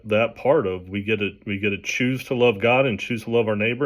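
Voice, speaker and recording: Man, pastor, informal Bible talk, conversational, restarts sentences, medium pitch. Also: fairly bright tone. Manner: conversational, with frequent restarts and fillers.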